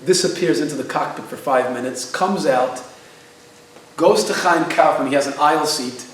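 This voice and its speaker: A man giving a class, telling a story in an animated way and asking his audience questions. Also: a little high, normal speed, a little hiss or hum. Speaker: lecturer. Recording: very echoey room, speaker far from the mic.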